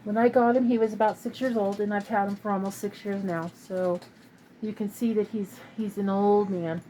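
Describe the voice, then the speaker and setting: A woman's voice: medium pitch, fairly even intonation, moderate pace, dark tone. A woman in her fifties from California, chatting in a rambling, heartfelt way with lots of fillers in a casual personal vlog at home. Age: 50s. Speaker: crochet channel vlogger. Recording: noisy home recording.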